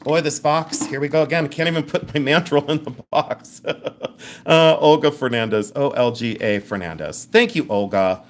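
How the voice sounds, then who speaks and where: A man's voice: on the high side, normal speed, slight background noise. A man hosting a live jewelry sale, chatting casually, joking and laughing as he describes rings and pendants with enthusiasm. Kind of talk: live sales stream chat.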